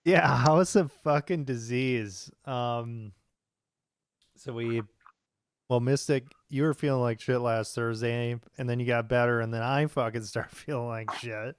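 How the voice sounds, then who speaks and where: An American man in his thirties, chatting casually on a podcast and swearing freely as he rambles through his stories. His voice sits at an ordinary middle pitch and is recorded dry and close, with no room echo. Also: steady tone, a little slow, clean tone. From United States. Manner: profane, rambling storyteller. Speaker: podcast co-host. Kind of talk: casual chat.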